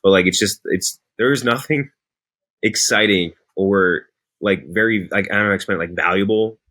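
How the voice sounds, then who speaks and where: A man co-hosting a casual movie review chat, jokey and animated, talking in quick bursts. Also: fairly low pitch. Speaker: podcast co-host.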